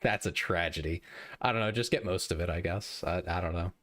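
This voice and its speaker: Deep-voiced male streamer chatting casually. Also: brisk, a bit bright. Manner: chatty, joking, self-deprecating. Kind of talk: casual live-stream chat.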